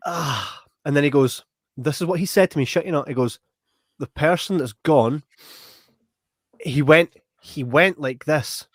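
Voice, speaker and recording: A man's voice: fairly high pitch, unhurried, no room sound, studio quality. Scottish man telling a story. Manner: animated, rambling, repeats "right?". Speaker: podcast host. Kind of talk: casual storytelling chat.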